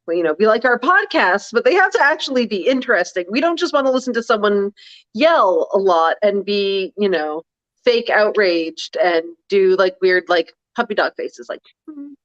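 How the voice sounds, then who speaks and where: A woman's voice: medium pitch, animated, moderate pace, fairly bright tone. Wry woman co-host on dull audio. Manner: wry and self-mocking, with many "like" fillers. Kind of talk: casual political chat.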